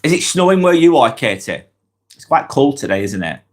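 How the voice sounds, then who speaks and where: A man from northwest England with a Lancashire accent, hosting a live-stream vlog while nursing a cold. His pitch rises and dips a lot as he reads out viewer comments and answers them in a chatty, direct way. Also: very animated, a little fast. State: has a cold.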